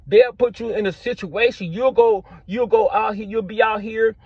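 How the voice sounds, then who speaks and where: A middle-aged man with a slightly high voice tells a story in loose street slang, tossing in "man" and "bro" all the time. The sound is dull and lo-fi, and the recording is dry and close. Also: steady tone, normal speed, breathy edge, no room sound. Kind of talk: casual storytelling to camera.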